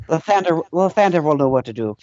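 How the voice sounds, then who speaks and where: Animated, swearing tabletop player. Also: mid-range voice, noisy background. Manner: excitable, swears a lot. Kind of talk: casual banter. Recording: dry, muffled lo-fi audio.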